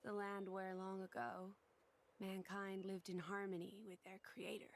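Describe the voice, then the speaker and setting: An actress with a British accent voicing a calm young woman of mystic power in a video game, speaking softly and gently. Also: mid-range voice, unhurried, lightly acted. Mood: gentle. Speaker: game character.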